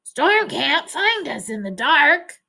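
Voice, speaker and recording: A woman's voice: high voice, big pitch swings, slow pace, gravelly, pushed and bright, voice pushed up, exaggerated voice. A woman reading aloud, voicing a protective male farm dog who speaks firmly and reassuringly. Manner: firm, reassuring.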